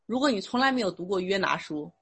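A woman interpreting a sermon phrase by phrase, steady and rephrasing with small fillers. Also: medium pitch, quick pace, husky.

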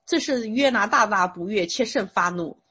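A woman interpreting a sermon phrase by phrase, steady and rephrasing with small fillers. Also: mid-range voice, normal speed, husky.

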